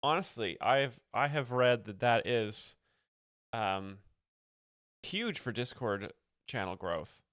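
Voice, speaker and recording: A man explaining jokes with deadpan, mock-earnest seriousness, stopping for fillers and chat messages. His voice sits at an ordinary middle pitch. The sound is close and dry, with no room around it. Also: slow, clear, resonant tone, no room sound. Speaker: host explaining jokes on a livestream. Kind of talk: deadpan satirical commentary.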